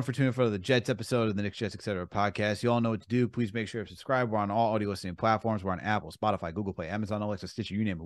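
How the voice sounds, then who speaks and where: A young man hosting a sports podcast, running through the sign-off plugs in a relaxed way. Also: fairly low pitch, dry recording. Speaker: podcast host. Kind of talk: podcast outro and sports chat.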